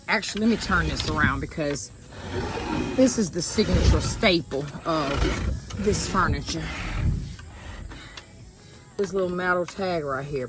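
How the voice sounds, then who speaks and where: A woman talking casually to her viewers while setting up patio furniture outdoors, a little out of breath. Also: on the low side. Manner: chatty, relaxed, addresses viewers directly. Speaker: lifestyle vlogger. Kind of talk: casual sponsored vlog. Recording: background music, voice sometimes far from mic.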